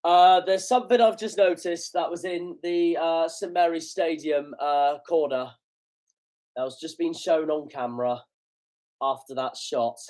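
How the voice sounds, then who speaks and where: A man's voice: on the high side, steady tone, unhurried, darkish tone. A man hosting a casual football reaction, chatty, self-mocking and sweary. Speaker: football channel host. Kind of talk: casual match reaction commentary.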